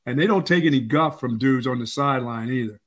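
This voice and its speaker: An older man co-hosting a sports talk show, telling lively stories and acting out quotes. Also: mid-range voice, fast talker. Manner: animated storyteller, acts out quotes. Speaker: sports radio co-host.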